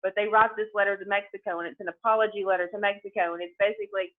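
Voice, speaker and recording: A woman's voice: medium pitch, steady tone, very fast, hardly any pauses. A woman teacher giving a conversational history lecture, talking straight to her students and often repeating words. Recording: tinny phone-like sound.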